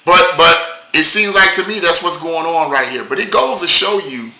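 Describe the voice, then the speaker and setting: A man's voice: on the high side, expressive, normal speed, bright, forceful tone, reverberant, rough recording. A man giving casual political commentary as a show host, rambling and repeating words as he goes.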